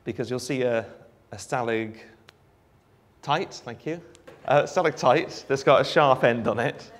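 A Welsh man giving a live demonstration of a phone app, explaining in a relaxed way with frequent ums. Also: mid-range voice, unhurried. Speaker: app developer giving a presentation. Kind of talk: live product demo talk.

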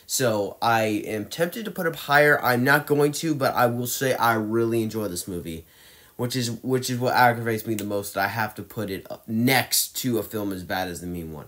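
A man's voice: lowish voice, a bit bright. A man ranking movies in a casual, opinionated monologue, ranting and exasperated, often restarting his sentences. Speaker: movie reviewer.

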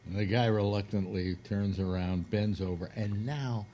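A man's voice: fairly low pitch, fairly even intonation, moderate pace, warm tone. A man hosting a casual radio talk show, telling a long crude joke with acted-out quotes. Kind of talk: casual radio chat, storytelling.

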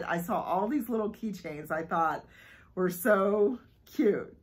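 A woman filming a casual unboxing vlog, gushing and giggling excitedly as she talks. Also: high-pitched, slightly rough, low-quality recording. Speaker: vlogger unboxing a subscription box.

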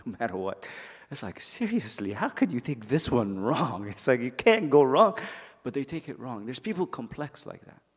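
A man teaching a youth Bible study, telling stories in a lively way and acting out characters in quick asides. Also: mid-range voice, big-room sound. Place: church hall.

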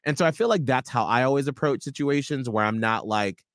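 A man co-hosting a radio show, telling stories in animated casual chat and swearing freely. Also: mid-range voice, a little fast, no echo, clean studio sound. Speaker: radio co-host.

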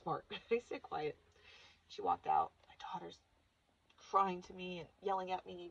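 A woman's voice: fairly low pitch, very animated, normal speed, long pauses, slightly rough. A woman in her thirties telling a personal story on her vlog in an emotional, confessional way. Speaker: vlogger. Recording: dull lo-fi recording.

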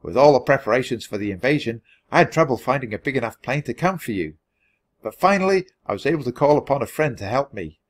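A man's voice: medium pitch, animated, fast, natural voice. A man voicing an earnest, apologetic young sorcerer in a storybook reading.

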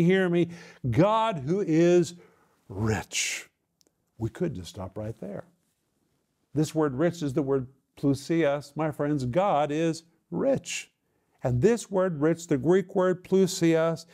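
An older man preaching a Bible-teaching sermon in a mellow, relaxed tone. He speaks earnestly and emphatically, often falling to a quiet hush on key words. His voice sits a little high for a man.

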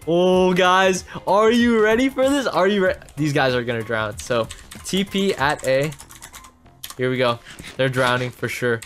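A man hosting a gaming channel, giving excitable gameplay commentary straight to his viewers. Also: on the high side, unhurried, soft background music.

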